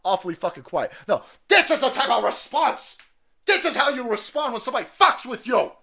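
Loud, lively, profane male ranter. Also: very high-pitched, fairly quick, gravelly. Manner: loud, profane, mocking, laughs often. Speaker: streamer host. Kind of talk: profane political rant.

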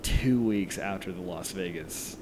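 A man's voice: low voice, unhurried, background noise. Profane, rambling man telling a story. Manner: rambling, profane, heavy use of "like". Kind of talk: casual storytelling chat.

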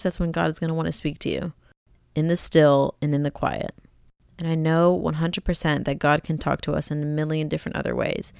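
A woman's voice: deep voice, gravelly, darkish tone, clean tone, no echo, clean studio sound. A young woman hosting a faith podcast, talking in an earnest, conversational, encouraging way. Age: young adult. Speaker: podcast host.

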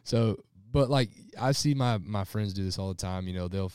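A man hosts a relaxed hunting podcast, telling animated stories and swearing freely. His voice sits fairly low. The sound is dry and close, with no room echo. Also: moderate pace, clear, resonant tone. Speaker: podcast host. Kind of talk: casual chat, storytelling. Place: hunting lodge, drinking beers.

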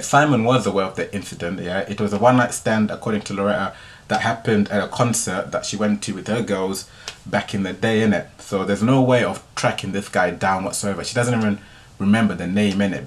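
A young man hosting a podcast, telling a story in a relaxed, slangy way and ending his sentences with tag questions. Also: on the low side. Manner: laid-back slangy delivery, tag questions. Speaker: podcast host. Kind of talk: casual storytelling monologue.

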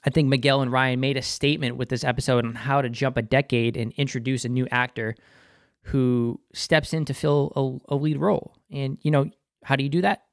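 A man's voice: mid-range voice, steady tone, brisk, dry recording, clean studio sound. A man with a Boston accent hosting a casual, enthusiastic episode review, sometimes calling himself by his show name. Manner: enthusiastic, talks about himself in third person. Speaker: TV review host.

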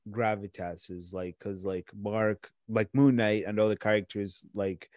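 Rambling low-voiced man on a podcast. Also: steady tone, unhurried, a little mellow, dry recording. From Watertown, Massachusetts. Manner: rambling, many fillers and restarts. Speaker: podcast co-host. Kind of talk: casual chat.

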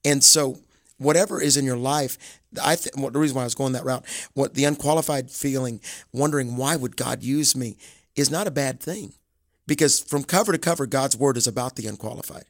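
A middle-aged man with a Southern American drawl talks earnestly, circling back and restarting as he tells his story. His voice sits at an ordinary pitch, and the sound is dry and close to the mic. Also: brisk, dry recording. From Alabama, USA. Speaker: guest evangelist and author. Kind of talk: casual interview.

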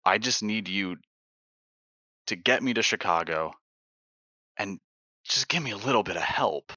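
Guy doing a nervous vampire dude, deep slow voice, kinda dull lo-fi mic. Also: animated, bright, forceful tone, no echo, exaggerated voice. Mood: pleading. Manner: hesitant, pleading. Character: wary, desperate male vampire.

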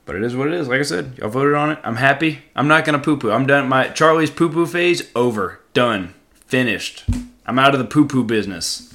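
A young man hosting a casual solo podcast, rambling and joking, with sudden loud outbursts. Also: medium pitch, animated, a little fast. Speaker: podcast host.

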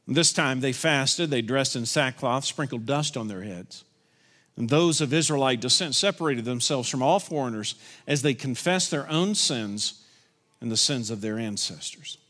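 A man preaching a sermon as pastor, slowing down to voice emphatic prayers to God. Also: medium pitch, fairly bright tone. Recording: reverberant church hall.

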